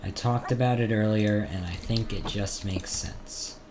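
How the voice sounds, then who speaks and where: A man giving quiet, casual commentary while playing a video game, mostly talking to himself. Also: fairly low pitch, a little slow, noisy background. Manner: quiet, mumbled asides to himself. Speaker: gamer, video host. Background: game music.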